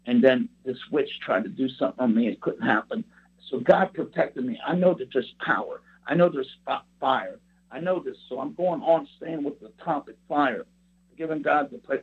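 Gravelly man preaching over a tinny line. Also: medium pitch. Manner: earnest, rambling storytelling. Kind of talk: personal testimony sermon. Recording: tinny phone-like sound.

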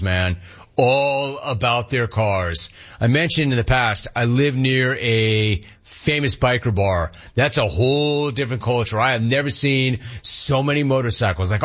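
A man's voice: mid-range voice, a bit bright, lo-fi sound. A man hosting a casual talk radio show and reading listener complaints, talking in slang and repeating words for emphasis.

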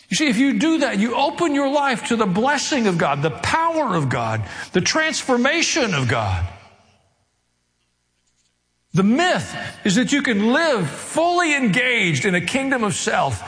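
High, animated preacher man in a hall. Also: measured pace. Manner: earnest, pleading, with quoted prayers. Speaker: pastor. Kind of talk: sermon.

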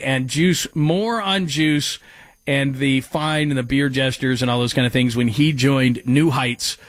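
A man's voice: a little high, no room sound. A man hosting a sports talk radio show, chatting casually, rambling and breaking off mid-sentence as he reads out listener texts. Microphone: studio microphone.

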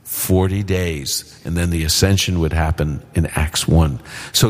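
A man's voice: low voice, fairly even intonation, a little slow, in a large hall. A man answering live Bible questions on a radio show, plain-spoken and explaining simply. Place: live event with audience.

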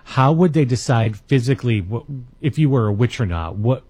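A man hosting a late-night radio talk show, asking relaxed, curious questions. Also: medium pitch, moderate pace, husky. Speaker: radio host. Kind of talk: radio interview.

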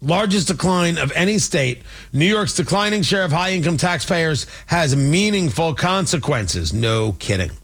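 A male talk radio host from Indiana with a high, lively voice that swings all over. He's sarcastic and rambling, riffing off on tangents between points. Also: normal speed, hardly any pauses, breathy edge. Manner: sarcastic, animated, digressive. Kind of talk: political commentary.

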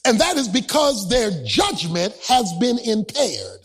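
A man preaching a sermon in a rhythmic, half-sung style that keeps rising into shouts. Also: high voice, sing-song, slow pace, few pauses, slightly rough, faint music behind. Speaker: pastor.

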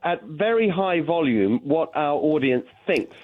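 A man with a British accent, a political candidate calling in to a radio show, animated and full of restarts. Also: a little high, a little slow, dry recording. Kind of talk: phone-in radio interview. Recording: tinny phone line.

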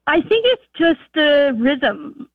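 A woman from North Dakota calling in by phone, speaking slowly and earnestly with ums. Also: high-pitched, very animated. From North Dakota, USA. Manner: earnest, slow and thoughtful, with ums. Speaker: caller. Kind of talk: phone-in chat. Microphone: telephone. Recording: tinny phone line.

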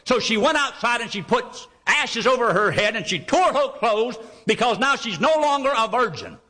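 This male preacher has a high, bright voice that swoops up and down in big pitch swings at a moderate pace. During his sermon he reads old scripture aloud and fires off emphatic questions, which he then answers himself.

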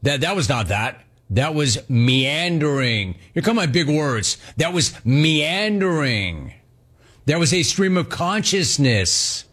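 A man hosting a sports radio call-in show, brash, playful and fast-talking. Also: fairly high pitch, lively intonation, fairly bright tone, husky.

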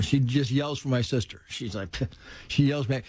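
Animated middle-aged male storyteller, dry sound. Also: medium pitch, normal speed, breathy edge, no echo. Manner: animated storyteller, acts out quoted voices. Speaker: guest telling life stories. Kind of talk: casual storytelling conversation.

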